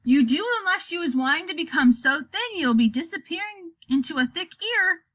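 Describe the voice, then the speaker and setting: A woman's voice: extremely high pitch, animated, normal speed, bright, forceful tone, no room sound, pitched above the performer's own voice, exaggerated voice. A woman voicing a very old, kindly male giant who jumbles his words, in a storybook reading. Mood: gleeful. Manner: jumbled grammar, delighted, playful.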